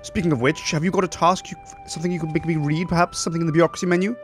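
A man's voice: a little high, fairly even intonation, very fast, faint music behind, lightly acted. A man voicing a fussy, demanding male office worker who complains indignantly. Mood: pleased.

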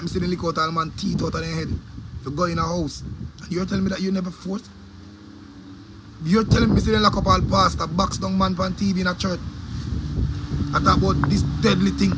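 High-voiced, fiery Jamaican man ranting. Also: a bit bright, slight background noise. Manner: angry, profane, repetitive ranting. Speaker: DJ giving opinions. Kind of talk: heated opinion rant.

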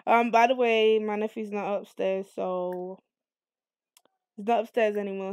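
A woman hosting a let's play, giving casual, excitable commentary on her game and cursing freely. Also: mid-range voice, normal speed, no room sound, studio quality. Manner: excitable, chatty, swears freely.

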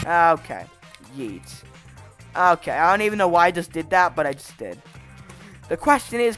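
A channel host narrating their own gameplay with a wildly swinging pitch. The commentary is frustrated and full of swearing, breaking into angry yells. Game music plays underneath. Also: very animated, normal speed. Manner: frustrated, swearing, raging outbursts.

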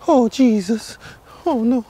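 A man's voice: very high voice, takes it slowly, warm tone, dry recording, exaggerated voice. A man playing Luigi, a cowardly plumber who rambles, jokes and panics in a comedy skit. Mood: panicked. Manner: rambling, jokey, jumpy, keeps panicking. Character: jittery cowardly adult male plumber Luigi. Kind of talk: comedy skit role-play. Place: outdoors in a village.

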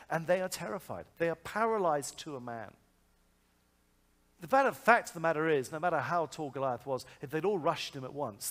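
A man preaching a sermon, telling a story in a lively, conversational way full of asides and rhetorical questions. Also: medium pitch. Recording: long hall reverb.

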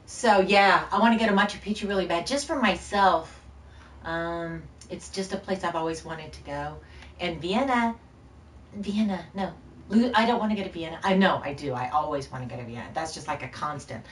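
A woman's voice: lowish voice, brisk, slight background noise. Chatty woman streaming, roomy and distant. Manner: scattered, rambling, chatty with viewers. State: short on sleep. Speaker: game streamer. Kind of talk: casual live-stream chat while gaming.

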